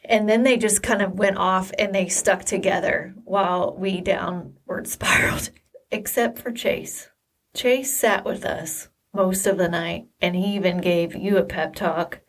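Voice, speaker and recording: A woman co-hosting a podcast, retelling a family story in casual chat, quick and lively with quoted dialogue. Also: mid-range voice. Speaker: podcast co-host.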